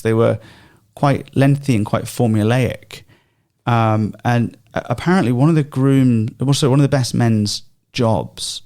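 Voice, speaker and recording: A man in a Bible study podcast chat, explaining at length with animated energy and many ums and restarts. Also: mid-range voice. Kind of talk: casual discussion podcast.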